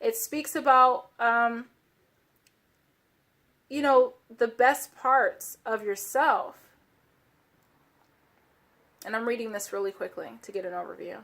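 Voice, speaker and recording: Woman reading cards for her viewers, kinda high voice, lots of um and restarts. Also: fairly even intonation, slow, vocal fry, pauses often. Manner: gentle, searching, many fillers and restarts. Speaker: tarot card reader. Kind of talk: casual card reading to viewers.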